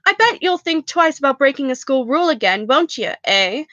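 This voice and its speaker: Girl reading as a nasty old caretaker guy, gloating and menacing, high bright voice, dry close sound. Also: animated, a little fast, no room sound, lo-fi sound. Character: sneering old male school caretaker.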